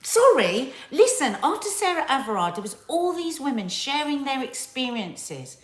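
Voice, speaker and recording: A woman's voice: high voice, very animated, normal speed. A middle-aged woman co-hosting a casual chat, talking in an impassioned, emphatic way and repeating words for stress. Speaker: co-host of a family talk channel. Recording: roomy echo.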